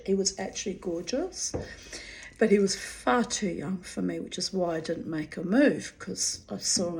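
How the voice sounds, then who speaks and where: A woman's voice: on the low side, a little mellow. A middle-aged woman telling a personal story in a casual, frank way, swearing freely and adding chatty asides.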